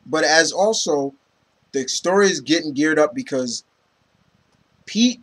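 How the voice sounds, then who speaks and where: A man's voice: on the high side, lively intonation, measured pace. A man casually reviewing comic books, rambling with many fillers and retelling scenes from the issues. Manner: rambling, lots of "you know" and "um"; retells scenes, quoting characters.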